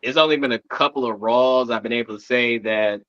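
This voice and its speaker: A man co-hosting a casual wrestling podcast, speaking in a laid-back, measured way. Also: medium pitch, no echo. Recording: dull lo-fi mic.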